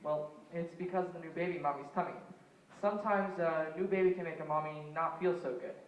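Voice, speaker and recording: A man's voice: on the high side, fairly even intonation, fast talker, close to an everyday voice. A teenage male student actor playing a tired, exasperated young father of three on a school stage. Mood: hushed. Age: teens. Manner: exasperated, scolding then hushing. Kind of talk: stage play acting. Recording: echoey stage audio, dull sound.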